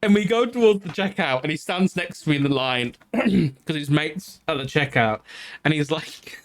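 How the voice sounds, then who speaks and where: A man with a fairly high voice, chatting casually to his stream audience. He tells his story in an animated way, swears freely and laughs through the funny parts. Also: normal speed.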